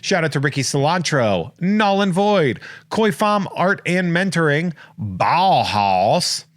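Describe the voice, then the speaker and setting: A man's voice: on the high side, expressive, a little slow, a bit bright, dry recording, studio quality. An American man hosting a podcast, rambling and joking at his own expense in casual chat. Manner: jokey, rambling, self-mocking. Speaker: podcast host.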